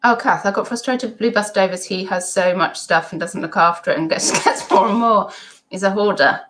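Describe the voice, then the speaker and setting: A woman's voice: medium pitch, fairly quick, a bit bright, a little hiss or hum. A middle-aged woman, hosting a casual live stream at home, reading chat comments and rambling with many ums and asides.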